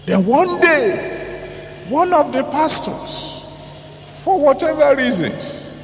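Man preaching, dramatic swings in pitch and volume, unhurried, heard from a distance in a reverberant hall. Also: sing-song, a little hiss or hum. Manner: dramatic, swings from low asides to raised exclamations. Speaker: pastor. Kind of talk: sermon. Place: large church hall.

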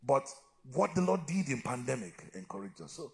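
A middle-aged man preaching a sermon as pastor, swinging from loud shouted exhortation to low, quiet talk and calling for amens from the congregation. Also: sing-song, normal speed, creaky. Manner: calls for amens and answers from the congregation.

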